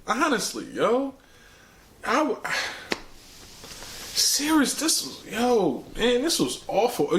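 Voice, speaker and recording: A man's voice: very high-pitched, big pitch swings, slow pace, fairly bright tone. A man hosting his own show, ranting casually about bad movies in slangy, emphatic talk that repeats words for effect. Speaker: movie reviewer, show host.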